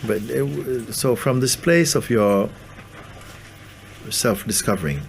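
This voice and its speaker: A man giving a spiritual talk to a gathering, gentle and playful, laughing often. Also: medium pitch, slow, gravelly, slight background noise. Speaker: spiritual teacher.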